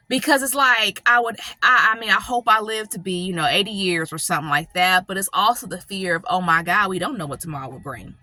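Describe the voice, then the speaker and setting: Tearful, bright-voiced woman vlogging. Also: mid-range voice, fast, dry recording. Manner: rambling, seeks agreement with repeated "right?" and "you know". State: emotional, close to tears. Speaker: channel host. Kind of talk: emotional personal vlog.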